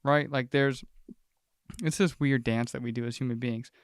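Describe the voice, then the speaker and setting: A man's voice: medium pitch, fairly even intonation, normal speed, smooth, dry recording, clean studio sound. A man co-hosting a casual podcast chat with a friend, talking in a reflective, rambling way and acting out quoted lines. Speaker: podcast co-host.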